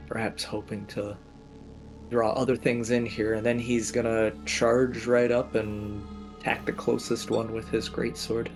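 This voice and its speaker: Flat-voiced man playing a tabletop game. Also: lowish voice, unhurried, soft background music. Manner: describes his character's actions plainly. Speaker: player. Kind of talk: casual tabletop play.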